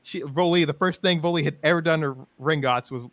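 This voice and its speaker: Bright-voiced man telling rambling stories. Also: fairly high pitch, fairly quick, no room sound. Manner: rambling, enthusiastic storytelling. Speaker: podcast co-host. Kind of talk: casual chat about roleplay.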